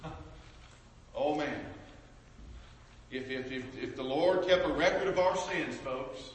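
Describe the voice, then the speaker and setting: A male preacher, preaching passionately, repeating words and swinging from loud to hushed. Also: fairly high pitch, fairly even intonation, a little slow, long pauses, slight background noise. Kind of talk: sermon. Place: church sanctuary. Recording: echoey hall from far off.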